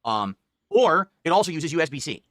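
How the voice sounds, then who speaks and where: A man's voice: a little high, very animated, fairly quick, a bit bright, a little hiss or hum. A man explaining his new microphone to viewers in a defensive, rambling way. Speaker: content creator reviewing a microphone. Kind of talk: product talk to viewers.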